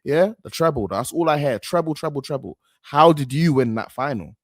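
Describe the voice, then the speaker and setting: A man's voice: medium pitch, lively intonation, normal speed, no room sound, clean studio sound. A young man, giving slangy, rambling, outspoken reaction commentary as a football fan host.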